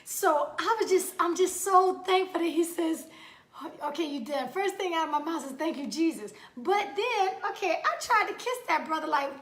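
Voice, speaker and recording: A woman hosting a talk show, telling stories in an animated, playful way and laughing often. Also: extremely high pitch, moderate pace, echoey room. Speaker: radio show host. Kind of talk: casual chat.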